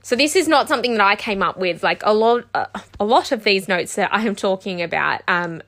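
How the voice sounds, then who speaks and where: A woman's voice: mid-range voice, expressive, brisk, fairly bright tone. A woman hosting a candid personal monologue, heartfelt and close to tears, with lots of "like" and "you know.".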